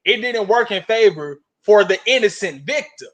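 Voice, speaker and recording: A man co-hosting a talk show, speaking in a measured, reflective way that turns quick and pointed as he makes his case. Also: high-pitched, expressive, fairly bright tone. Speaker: podcast co-host. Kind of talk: panel commentary.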